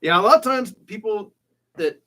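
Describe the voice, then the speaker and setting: A man's voice: high-pitched, lively intonation, pushed and bright. A man from Texas with no drawl, co-hosting a casual beer chat in a rambling way with lots of fillers. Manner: rapid, rambling with many fillers. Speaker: co-host.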